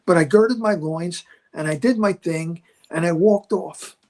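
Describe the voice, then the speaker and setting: An older man, a veteran stand-up comedian, telling animated stories and acting out the people in them. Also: high-pitched, unhurried. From Philadelphia area. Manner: acts out other people in his stories. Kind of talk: animated storytelling.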